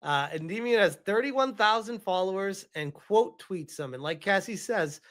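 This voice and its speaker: A man's voice: sits high, animated, normal speed, a bit bright. A man commenting on a stream, dismissive and eye-rolling. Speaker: streamer in a played clip.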